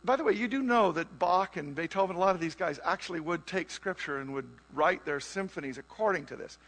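A man preaching a sermon in a church, animated and conversational, now and then singing musical phrases. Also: high voice, brisk. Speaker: pastor.

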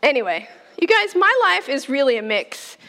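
A woman in her forties delivers a sermon in a chatty, playful way and laughs easily. Her voice sits high. The church hall around her leaves a long reverb. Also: sing-song, normal speed, sharp tone. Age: 40s. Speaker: pastor. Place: church auditorium.

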